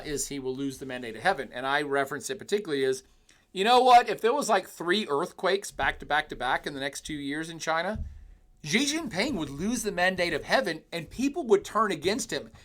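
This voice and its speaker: A man's voice: a little high, fairly bright tone. A middle-aged man lecturing on a livestream, reading out chat with joking, irreverent asides. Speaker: university lecturer.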